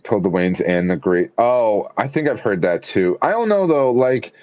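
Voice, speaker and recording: Low-voiced rambling man, dull dry sound. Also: animated, normal speed, darkish tone, no echo. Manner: rambling, filler-heavy, enthusiastic. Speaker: podcast co-host. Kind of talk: casual chat.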